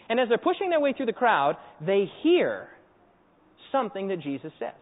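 High, lively male preacher in echoey hall. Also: quick pace. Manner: animated storytelling, acts out scenes and quizzes the audience. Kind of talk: sermon. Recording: echoey hall over a tinny phone-like line.

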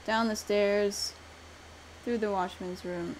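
A young woman giving let's-play commentary, chatty and talking herself through the route, mumbling some lines quietly to herself. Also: mid-range voice, moderate pace, a little hiss or hum, poor audio. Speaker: gamer streamer.

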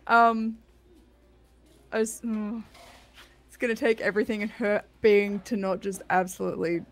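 A woman's voice: mid-range voice, flat delivery, normal speed. A woman player narrating her character's actions in a tabletop game, casual and giggly. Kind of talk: tabletop role-play.

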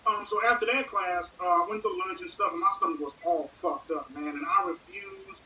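Young man, profane rambling storyteller, bright sharp voice, far from the mic, echoey room. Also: sits high, sing-song, brisk, slight background noise. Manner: rambling, profane, lots of fillers.

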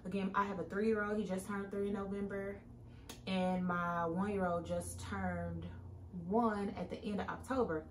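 A woman's voice: medium pitch, little pitch movement, moderate pace, roomy sound, slight background noise. A young woman chatting directly to her viewers in a casual vlog. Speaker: vlogger. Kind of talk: casual pregnancy update vlog. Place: room at home.

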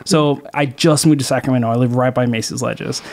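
A man's voice: medium pitch, fairly quick, gravelly. A man from Northern California, a podcast guest, telling stories in casual chat and acting out quotes in a raised voice. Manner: animated, acts out quotes in a raised voice.

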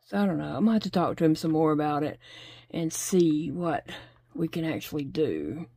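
A middle-aged woman chats easily about home life as she crochets, laughing often and pausing to count stitches under her breath. Her voice is mellow and soft-edged, heard dry and close with no room around it. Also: low-pitched, expressive, breathy edge, no room sound. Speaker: crochet vlogger. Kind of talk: casual chat while crocheting.

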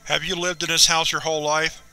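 A man's voice: a little high, little pitch movement, fairly quick, sharp tone, smooth, soft background music, poor audio. A man doing a patient, persistent interviewer. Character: calm, persistent male interviewer.

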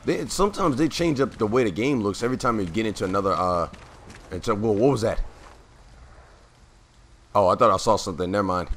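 A low-voiced man rambles through casual gameplay commentary, full of fillers and self-corrections. His voice keeps giving out, and he clears his throat now and then, over a faint hiss. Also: expressive, fast, fairly bright tone.

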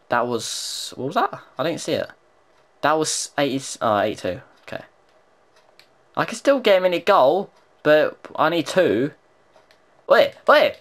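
A young man giving excitable, swearing live commentary on his own gameplay, talking to himself as he plays. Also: mid-range voice. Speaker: gaming video creator.

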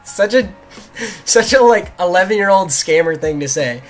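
A young man, a gaming YouTuber, telling a story in a mocking, animated way, laughing often and swearing. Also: sits high, normal speed, soft background music. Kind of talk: storytelling commentary.

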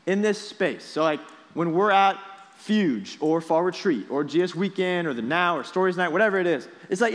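In an echoey hall whose long reverb lingers behind him, a young youth pastor delivers an energetic, casual sermon to a youth group. He keeps students engaged with quick questions, and his pitch sits a little high.

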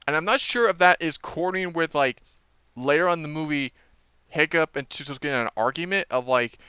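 A man with a bright, very clear voice on the high side rambles casually through a movie trailer review, leaning on fillers and restarting sentences. The recording is dry and close.

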